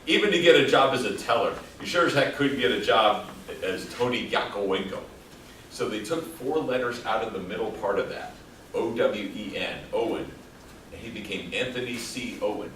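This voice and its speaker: A man's voice: medium pitch, a little fast, fairly bright tone, far from the mic, a little hiss or hum. Joking male lecturer in an echoey room. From El Paso, Texas. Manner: casual, joking, quizzes the class. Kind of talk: classroom lecture. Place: classroom. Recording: echoey classroom taped from afar.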